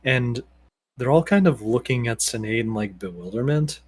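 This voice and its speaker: A man's voice: mid-range voice, expressive, moderate pace, husky. A man narrating as game master for a tabletop game, casual and rambling with many fillers.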